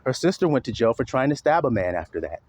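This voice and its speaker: A man's voice: mid-range voice, very animated, quick pace, a little mellow. A man delivering an impassioned spoken monologue, preachy and blunt, swearing freely and slipping into mocking sarcasm. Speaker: online commentator; father.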